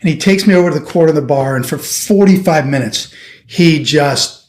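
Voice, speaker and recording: A middle-aged surgeon from the United States telling a lively anecdote in an interview, acting out the people he quotes. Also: a little high, moderate pace. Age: 50s. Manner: animated anecdotal storytelling, acting out quoted voices. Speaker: orthopedic surgeon guest. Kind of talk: storytelling interview.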